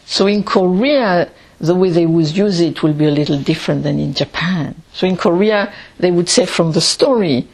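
A woman teaching Zen meditation in a calm, reflective way, pausing often between phrases. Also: lowish voice. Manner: slow, calm and reflective, with long pauses.

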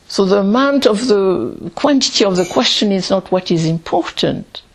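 A woman teaching Zen meditation in a calm, reflective way, pausing often between phrases. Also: medium pitch, vocal fry. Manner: slow, calm and reflective, with long pauses.

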